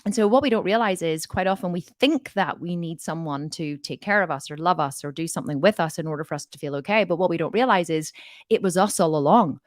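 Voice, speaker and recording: A woman's voice: fairly low pitch, dry recording, clean studio sound. A woman coaching on mindset in a casual, frank way, telling stories and acting out both sides of conversations.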